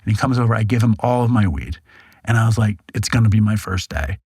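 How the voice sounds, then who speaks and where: A man's voice: lowish voice, fast talker, breathy edge, no room sound. A man in his forties, a podcast guest, tells his story frankly, swearing and acting out the lines of other people. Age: 40s. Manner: frank, animated, acts out quoted dialogue, swears. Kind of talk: candid storytelling interview. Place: podcast studio.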